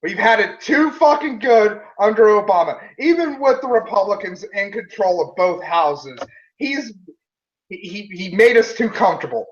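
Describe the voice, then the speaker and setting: Guest ranting: high-pitched man, angry, cursing, muffled by candy, dull audio. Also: lively intonation, normal speed. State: talking with candy in his mouth. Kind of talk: casual livestream chat.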